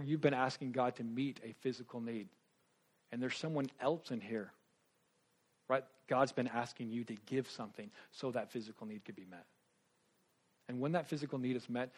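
A man preaching a sermon, animated and conversational, swinging between loud bursts and hushed asides, with quick rushed remarks. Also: medium pitch. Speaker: pastor.

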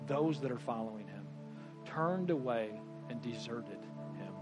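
A man preaching a sermon, animated and conversational, swinging between loud bursts and hushed asides, with quick rushed remarks. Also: mid-range voice, music in the background. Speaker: pastor.

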